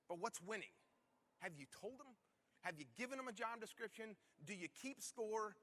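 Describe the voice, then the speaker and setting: Guy with a high bright voice pumping up a conference room, lots of quick rhetorical questions. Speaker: conference speaker. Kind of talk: motivational keynote talk.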